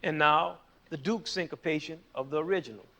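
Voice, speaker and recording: High-voiced playful male music teacher. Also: a little fast. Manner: jokey, teasing, counts beats aloud. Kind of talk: playful explanatory lesson.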